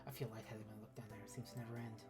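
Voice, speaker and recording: Fast-reading low-voiced woman streamer. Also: over music. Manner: rapid, lively reading with offhand asides and swearing. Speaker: streamer playing a text game. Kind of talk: reading a text adventure aloud on stream.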